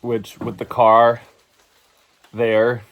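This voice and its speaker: A man's voice: medium pitch, completely flat delivery, drawn-out words, phone-quality sound, a little hiss or hum. A man chatting casually to the camera on a long hike, tired and wry, outdoors on a forest trail. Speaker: hiking vlogger.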